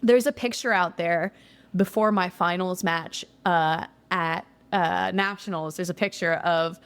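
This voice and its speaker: A young woman telling a casual interview story about her competitions, chatty, full of "like", swearing when she gets excited. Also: on the low side, a little slow, clear, resonant tone. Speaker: guest, jiu-jitsu competitor.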